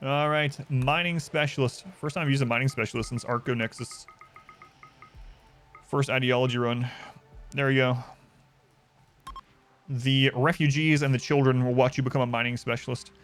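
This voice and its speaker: A man's voice: mid-range voice, fairly even intonation, moderate pace, long pauses, fairly bright tone, faint music behind. A man streaming a game, rambling in a wry, casual way while chatting to his viewers. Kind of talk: casual live-stream commentary.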